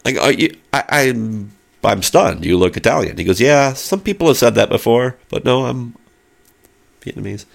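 A man's voice: medium pitch, expressive, normal speed, vocal fry. A middle-aged man telling a long, rambling story in casual chat, with lots of fillers and spoken sound effects.

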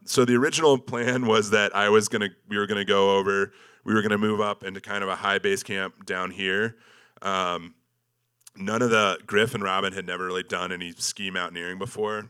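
A man with a low, sharp, clean-toned voice presents an expedition slideshow. His talk is casual and joking, self-deprecating, and full of ums and likes.

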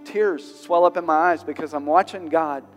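A high-pitched male pastor with a Southern US accent preaches in a big hall that rings with long reverb. He is openly emotional and climbs to loud, urgent exhortation, with soft music under him. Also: moderate pace. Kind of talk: sermon. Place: large venue with long reverb.

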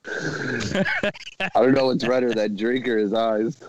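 A man's voice: medium pitch, fairly even intonation, a little slow, dry recording, lo-fi sound. A man on a casual podcast, wisecracking and teasing the others. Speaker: podcast co-host. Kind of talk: casual chat.

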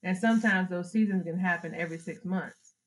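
A middle-aged woman, a mother sharing parenting advice in a casual chat, telling family stories with lively acted-out moments. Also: lowish voice, fairly quick, a little hiss or hum, low-quality recording. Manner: animated storyteller, acts out family scenes with laughter. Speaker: podcast guest, mother of the host.

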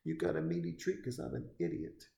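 A man voicing a dopey, friendly male basset hound who begs in a simple, goofy way. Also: fairly quick, creaky, warm tone. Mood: goofy begging. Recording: echoey room.

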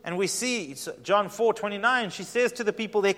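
A male pastor preaching a sermon in an earnest, inviting way, moving between hushed and emphatic delivery. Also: sits high, fairly quick, few pauses. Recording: long hall reverb.

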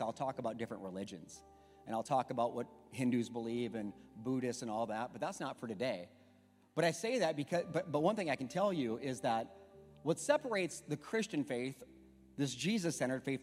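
In an echoey church sanctuary with faint music behind him, a middle-aged male pastor with a medium-pitched, slightly mellow voice preaches a sermon in an emphatic, conversational, storytelling style.

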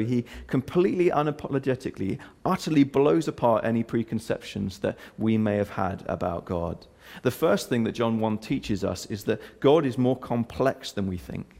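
A pastor preaching and explaining a scripture passage in an earnest way, with frequent fillers and restarts. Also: male voice, lowish voice, vocal fry, darkish tone. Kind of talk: sermon.

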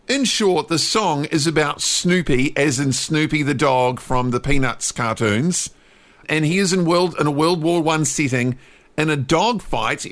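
A man with a New Zealand accent hosting a podcast, telling a story in a chatty, animated way with casual asides. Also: on the high side. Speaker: podcast host.

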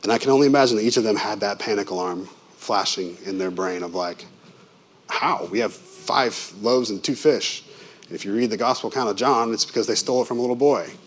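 A pastor delivers his sermon in a relaxed, conversational way, leaning on vivid asides and questions to his listeners. His voice sits on the low side for a man. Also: fast.

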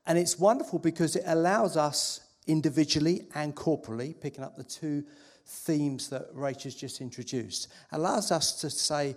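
A man preaching to a congregation in an unhurried, reflective way, often restarting his sentences. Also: a little high. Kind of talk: sermon introduction.

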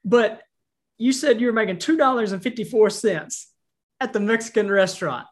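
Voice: medium pitch, lively intonation, normal speed. Encouraging Southern US interview host. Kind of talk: conversational interview.

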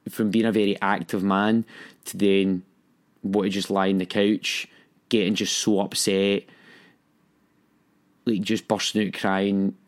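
A young man recounts a hard time in his life, speaking candidly and with feeling. His voice sits a little low, and he acts out the voices he quotes. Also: little pitch movement, unhurried, pauses often. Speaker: storyteller recounting his own experience. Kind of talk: personal storytelling.

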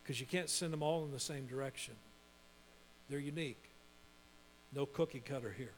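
A middle-aged man preaching a sermon as pastor, lively and emphatic, building points through repetition. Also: mid-range voice, moderate pace, a little hiss or hum.

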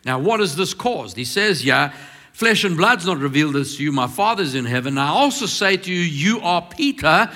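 Bright-voiced male preacher in a reverberant hall. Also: fairly high pitch, animated, moderate pace. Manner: emphatic, swings from loud preaching to soft confiding. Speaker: pastor. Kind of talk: sermon.

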